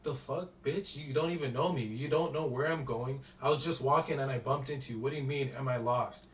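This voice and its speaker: A man's voice: medium pitch, a little fast, a little hiss or hum. A young man in heated, profane commentary, talking in slangy, exasperated bursts. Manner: profane, slangy, exasperated rant with constant "bro". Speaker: commentator reviewing a show. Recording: echoey room, voice from a distance.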